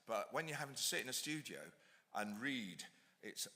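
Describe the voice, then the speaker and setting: A man's voice: medium pitch, expressive, fairly quick, pushed and bright, big-room sound. A middle-aged man, an author at a talk, telling rambling, self-deprecating anecdotes and then reading aloud from his book. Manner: digressive, chatty, self-deprecating. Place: lecture hall at an ideas festival.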